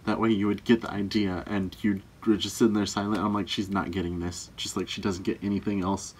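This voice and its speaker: A man's voice: on the low side, flat delivery, fast talker, slight background noise. A young man chatting casually with his girlfriend in a couple's video, with a dry, teasing way of talking. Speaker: boyfriend in a couple's tag video. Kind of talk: casual chat.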